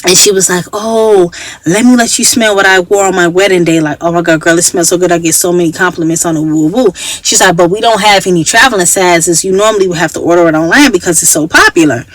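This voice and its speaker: Woman with a Chicago accent, chatty storyteller, mid pitch, dry close recording. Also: quick pace, no room sound, rough recording. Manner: chatty, acts out quoted voices. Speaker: vlogger. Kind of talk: casual storytelling.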